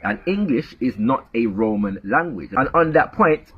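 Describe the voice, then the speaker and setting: A man's voice: medium pitch, animated, moderate pace, a little hiss or hum. A man with a Jamaican accent lecturing in commentary, sprinkling in "yeah?" as he makes his points. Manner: lecturing, tag questions like "yeah?". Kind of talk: explanatory commentary. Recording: dull lo-fi recording.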